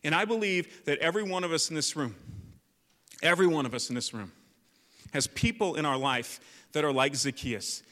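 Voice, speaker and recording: A man, a youth pastor, telling a lively personal story in a sermon, with lots of likes and restarts. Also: a little high, normal speed. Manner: animated storyteller, many fillers. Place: church hall. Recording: long church reverb.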